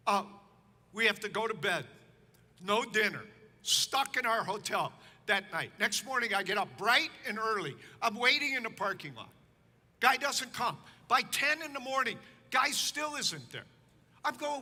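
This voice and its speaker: A pastor from Chicago telling a sermon story in an animated, humorous, exasperated way. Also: male voice, extremely high pitch, moderate pace, big-room sound. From Chicago, United States. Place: church sanctuary.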